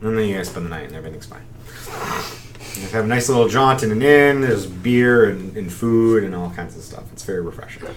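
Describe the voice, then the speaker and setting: A man's voice: lowish voice, fairly quick. A young man running a tabletop game, narrating in a loose, rambling way with many fillers. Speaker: game master. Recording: faint hiss.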